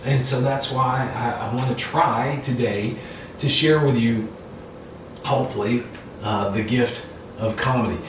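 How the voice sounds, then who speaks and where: A man's voice: medium pitch, measured pace, noisy background. A man doing a playful, mock-confused comedy routine, chatting with an imagined audience. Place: room at home. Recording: distant mic in an echoey room with faint ambience.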